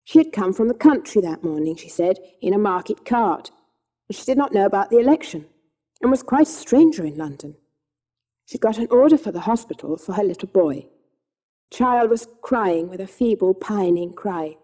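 A woman narrating an audiobook of a classic children's novel in a measured, gentle reading. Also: medium pitch, animated. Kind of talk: scripted storybook narration.

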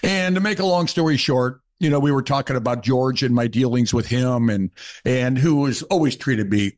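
A man in his seventies, a former ballplayer, telling stories in a casual podcast chat and acting out the fans' shouts. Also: medium pitch, moderate pace. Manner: animated storyteller, acts out shouted quotes. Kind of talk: casual storytelling.

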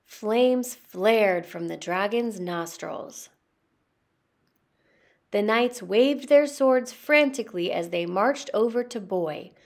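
A woman interpreter giving a voice-over of a children's storybook, telling it slowly and dramatically. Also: mid-range voice. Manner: slow, expressive, dramatic storytelling. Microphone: studio voice-over.

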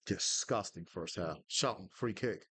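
Slow-talking man, husky and dry, calls player names tersely while gaming and swears when things go wrong. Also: sits low, a bit bright, dry recording. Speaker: podcast host playing a football management game. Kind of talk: casual live commentary on his own game.

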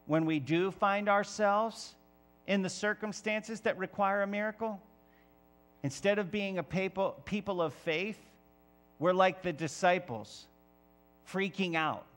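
A man preaching a sermon as pastor of a church, lively and emphatic, sometimes rising to near-shouts. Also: high-pitched, slow pace, long pauses.

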